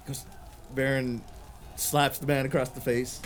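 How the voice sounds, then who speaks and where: A man's voice: mid-range voice, flat delivery, normal speed, a little hiss or hum. A man narrating as game master of a tabletop game, casual, with many fillers.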